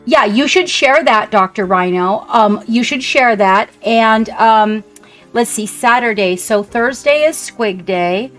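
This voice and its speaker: A woman streamer chatting casually and warmly with her viewers, gushing and rambling as she paints. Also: a little high, expressive, slow, soft background music. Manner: chatty, effusive, talks to chat. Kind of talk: casual live-stream chat.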